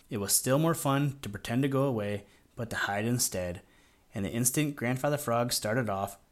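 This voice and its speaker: A man narrating a children's audiobook in a measured, gently expressive storytelling manner. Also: medium pitch.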